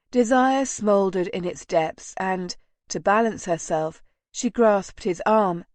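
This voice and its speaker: A woman narrating an audiobook in a slow, measured, soft reading voice. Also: mid-range voice, no echo.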